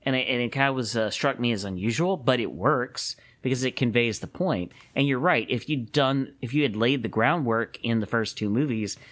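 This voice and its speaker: A podcast co-host, a man with a medium-pitched voice, chats casually, animated and quick to laugh, often starting his sentences over.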